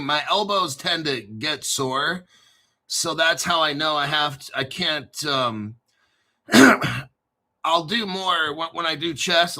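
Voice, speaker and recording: A middle-aged man with a New Jersey accent, hosting a casual crypto talk show in an excitable, profane, rambling way. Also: on the high side. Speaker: crypto channel host. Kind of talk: casual livestream chat.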